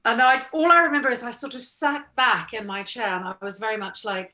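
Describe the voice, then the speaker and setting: Bright-voiced chatty actress. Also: female voice, fairly high pitch, fast, hardly any pauses. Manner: chatty, acts out quoted exchanges, laughs often. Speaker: guest actress. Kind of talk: casual interview storytelling.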